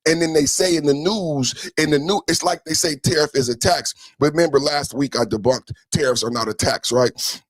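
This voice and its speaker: A man with a high voice delivers a heated political commentary rant as a podcast host. He is profane and mocking, and he often flares up into shouting. The sound is dry and close, with no room echo. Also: moderate pace.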